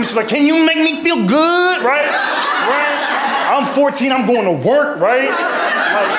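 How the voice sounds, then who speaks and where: A man doing stand-up, loose and slangy, chatting with the crowd. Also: sits high. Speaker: stand-up comedian. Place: comedy club stage. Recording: live club with loud crowd noise.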